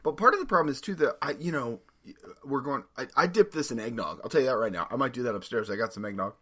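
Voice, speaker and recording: A man in easygoing conversation on a snack podcast, wandering through his thoughts with plenty of "uh"s and restarts. His voice sits at an ordinary middle pitch for a man. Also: animated, fast talker, sharp tone. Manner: laid-back, rambling with frequent fillers. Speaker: podcast co-host reviewing snacks. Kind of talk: casual chat.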